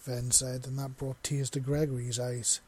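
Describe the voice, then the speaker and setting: A man narrating a written story in an audio reading with a steady, even delivery and a husky voice. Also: mid-range voice, moderate pace.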